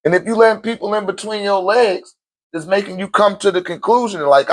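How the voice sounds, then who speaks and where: A man with a notably high voice delivers an unscripted sermon-like monologue. He talks bluntly, swears freely and breaks into short laughs as he drives each point home to his viewers. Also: brisk. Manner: addresses listeners directly with slang. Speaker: host of a spiritual talk channel.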